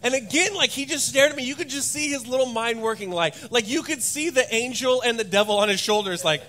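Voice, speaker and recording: A man in his thirties preaching a sermon as pastor, telling stories in a rambling, animated way and often repeating words. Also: very high-pitched, a little fast, few pauses. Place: church stage.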